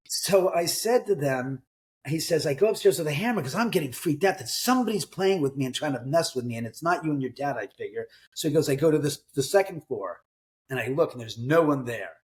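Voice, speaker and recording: Animated middle-aged man telling a story. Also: on the high side, fairly quick. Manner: animated, acts out quoted voices, swears casually. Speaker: author and homeowner telling ghost stories. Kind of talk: conversational storytelling in an interview.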